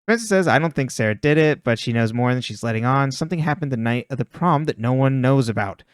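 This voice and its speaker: A man's voice: mid-range voice, animated, fast talker, clean tone, dry recording, studio quality. A man co-hosting a podcast, recapping a show's plot in casual chat with a wry, laughing tone. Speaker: podcast co-host recapping episodes.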